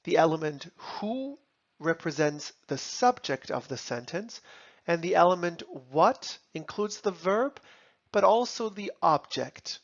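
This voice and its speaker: A German teacher explaining word order outdoors in a park, slowly spelling out example sentences. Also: mid-range voice, expressive, highs cut off. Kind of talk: language lesson explanation.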